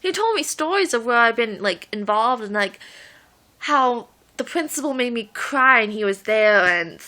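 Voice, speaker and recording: A woman's voice: on the high side, lively intonation, normal speed, bright, forceful tone. A woman in her late teens telling stories in a rambling, giggly vlog, laughing often as she talks. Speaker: vlogger. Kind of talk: casual storytelling vlog.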